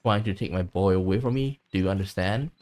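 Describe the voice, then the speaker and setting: A man's voice: low-pitched, quick pace, a little mellow, natural voice. A man reading aloud the lines of a bitter, possessive mother in a game, grieving her missing son and lashing out. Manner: resentful, lashing out in grief.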